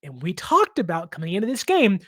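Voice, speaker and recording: A woman, hosting a sports podcast, giving casual football analysis in quick, emphatic rants that often restart mid-sentence. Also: on the low side, no echo. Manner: emphatic and excitable, rapid rants with self-interruptions.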